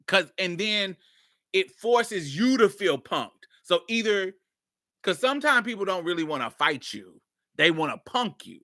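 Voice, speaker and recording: A woman podcast host telling a personal story in a blunt, profane, animated way. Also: lowish voice, unhurried, no echo, clean studio sound. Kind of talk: casual storytelling.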